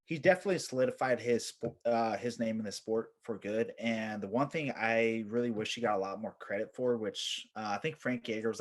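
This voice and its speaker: A man guest on a podcast, a military veteran telling casual stories in a rambling way, with lots of fillers and swearing. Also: on the low side. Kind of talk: casual storytelling.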